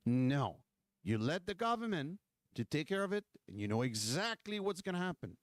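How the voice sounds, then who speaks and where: Male host, impassioned rant, higher voice, dry close sound. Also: sing-song, moderate pace, dry recording. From Quebec. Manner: fiery, repetitive, full of rhetorical questions. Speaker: political livestream host.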